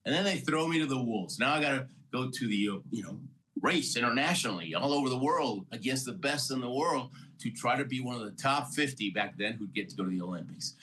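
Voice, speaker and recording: An older man in his sixties with a bright, forceful voice sits as an interview guest and tells his story. He talks with lively energy, laughs often and slips into the voices of the people he met along the way. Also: mid-range voice, a little fast, poor audio. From Houston, Texas. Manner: energetic, motivational, laughs often, acts out dialogue. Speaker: guest, Olympic athlete.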